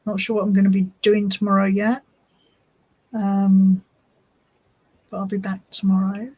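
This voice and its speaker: A woman's voice: medium pitch, monotone, measured pace, husky, dull audio. A woman hosting a casual livestream chat for her craft channel, homely and chatty. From United Kingdom. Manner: chatty and homely, talks fondly to her cat.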